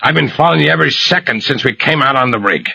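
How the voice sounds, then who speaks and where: A man's voice: medium pitch, animated, measured pace, creaky, bright, forceful tone, breathy edge, no echo, heavily acted. A man voicing a jittery, vicious junkie gunman who rants and sneers with venom. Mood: ranting. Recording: muffled lo-fi recording.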